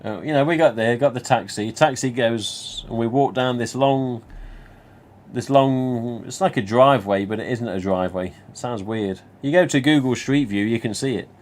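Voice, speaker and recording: Man, Nottingham accent, livestream host, casual rambling anecdote, middle pitch, lots of asides. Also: moderate pace. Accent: Nottingham English. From England. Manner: chatty, rambling, many you-knows, mild swearing.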